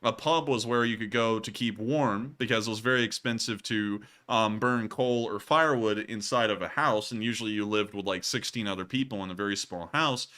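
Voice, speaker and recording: A man's voice: fairly low pitch, a little fast, few pauses, pushed and bright. A man hosting, chatting casually and explaining history with lots of fillers. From United States. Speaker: host. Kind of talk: casual commentary over video.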